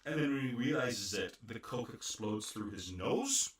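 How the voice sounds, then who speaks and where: A man's voice: on the low side, expressive, measured pace. A man co-hosting a podcast, retelling an anime episode in rambling casual chat with lots of restarts. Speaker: podcast co-host. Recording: echoey room.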